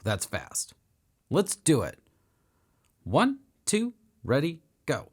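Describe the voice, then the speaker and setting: A man's voice: on the high side, huge pitch swings, slow pace, pauses often, husky. A man teaching a beginner piano lesson for children, upbeat and encouraging as he counts and sings along.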